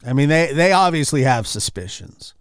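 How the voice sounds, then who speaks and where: A fairly high-voiced man rants over news clips, exasperated and repeating himself, his voice jumping between loud bursts and mutters. The sound is dry and close, with no room around it. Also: sing-song, moderate pace, clean tone, no room sound. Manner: exasperated, repetitive, swings loud and soft. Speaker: commentary channel host. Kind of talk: casual reaction commentary.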